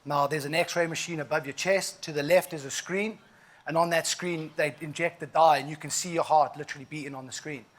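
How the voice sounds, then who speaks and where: A keynote speaker of about forty with a South African accent and a slightly high, steady, somewhat bright voice talks fairly quickly. He delivers an inspirational keynote, telling his story vividly and emphatically with frequent asides.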